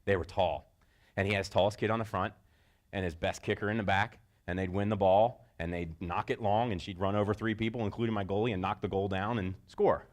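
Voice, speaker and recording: A middle-aged man giving a motivational talk to sports parents, telling stories and jumping into high shouted voices for quotes. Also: a little fast. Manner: animated storyteller, jumps into high-pitched shouted voices for quotes. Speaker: speaker.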